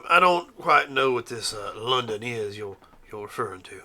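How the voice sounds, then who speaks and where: A man running a tabletop game as game master, easygoing and trailing off quietly at the ends of lines. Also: mid-range voice, animated, normal speed. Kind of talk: narrating and voicing a tabletop game.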